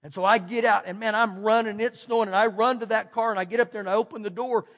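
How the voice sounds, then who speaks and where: A middle-aged man with a Texan accent, preaching a folksy, animated storytelling sermon and repeating phrases for emphasis. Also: high-pitched, fast talker. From Texas. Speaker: pastor. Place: church sanctuary. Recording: long hall reverb.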